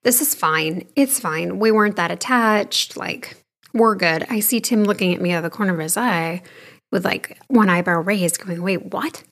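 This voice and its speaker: A woman in her thirties candidly recounting a personal experience in a conversational, frank way, sometimes dropping to a hushed voice. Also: lowish voice, moderate pace, gravelly. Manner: frank, conversational, shifting between hushed and animated. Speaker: storyteller sharing a personal experience.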